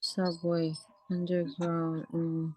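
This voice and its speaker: A woman taking part in a lesson as a student, softly repeating the words the teacher gives. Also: fairly low pitch, monotone, slow.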